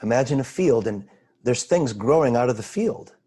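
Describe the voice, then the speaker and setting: A man guiding a slow, pausing meditation over a video call, asking gentle questions. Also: medium pitch, expressive, slightly rough. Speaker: spiritual teacher. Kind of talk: guided meditation.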